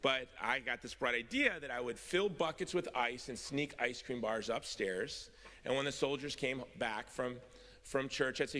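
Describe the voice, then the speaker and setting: A middle-aged man tells his own story at a convention podium, wry at times and earnest at others. His voice is bright and forceful. It rings with the long reverb of a big hall. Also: medium pitch, moderate pace. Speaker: convention speaker. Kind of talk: personal testimony speech. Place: large hall.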